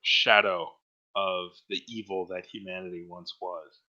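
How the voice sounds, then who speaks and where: A man narrating as game master in a relaxed, hesitant way with many fillers. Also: deep voice, a little slow, lo-fi sound.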